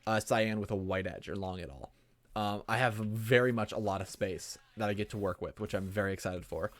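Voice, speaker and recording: A man's voice: fairly low pitch, fairly even intonation, brisk. A young man giving casual commentary while building in a game, thinking aloud and joking at his own expense. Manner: chatty, thinking aloud, self-mocking. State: hiccups. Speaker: streamer.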